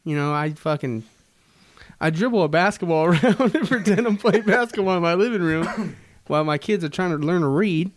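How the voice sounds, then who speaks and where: A man's voice: sits high, fairly quick. A man co-hosting a podcast in casual chat, joking and teasing with frequent swearing. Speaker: podcast co-host.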